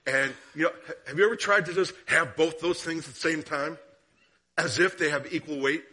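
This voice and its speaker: A man preaching a sermon as guest speaker, telling a story and asking the listeners questions, sometimes dropping to a hushed tone and sometimes rising. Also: a little high, brisk, husky. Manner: drops to hushed tones for story, rises for questions.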